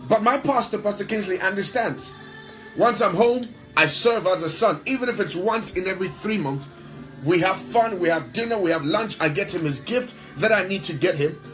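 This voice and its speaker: A man's voice: high-pitched, animated, normal speed, a bit bright, faint music behind, rough recording. A man who is a worship leader and pastor, answering in an interview with emphatic, preacher-like talk and repeating phrases for stress.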